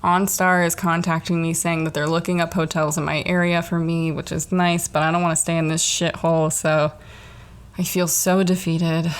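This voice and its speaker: A woman's voice: fairly low pitch, normal speed. Chatty young woman telling a story. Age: young adult. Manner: animated, chatty, swears a lot, fills with "like". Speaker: podcast host. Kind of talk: casual personal storytelling.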